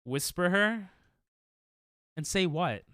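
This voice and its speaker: A man's voice: high-pitched, animated, slow pace, pushed and bright, clean tone, no echo, clean studio sound. A male streamer in casual chat with his viewers, defensive and laughing, rambling with restarts.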